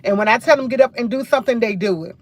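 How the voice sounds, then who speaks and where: A woman's voice: on the high side, racing. Chatty New woman livestreaming. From New York. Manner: chatty, repeats phrases, rambling storytelling. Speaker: livestream host. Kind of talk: casual live chat.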